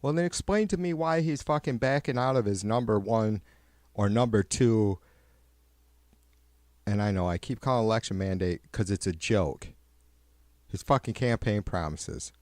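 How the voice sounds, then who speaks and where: A man hosting a livestream, ranting with heavy swearing and sarcasm, rambling and getting louder when worked up. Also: on the low side, normal speed, pauses often, no echo. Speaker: livestream host. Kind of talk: profane political rant.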